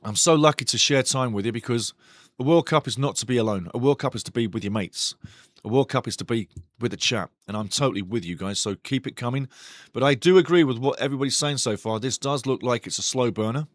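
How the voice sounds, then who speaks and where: A man with a mid-range voice talks fast while hosting a live match watch-along, commenting on the play and speaking passionately to his chat. He rants indignantly, addressing chat directly. The recording is dry and studio quality.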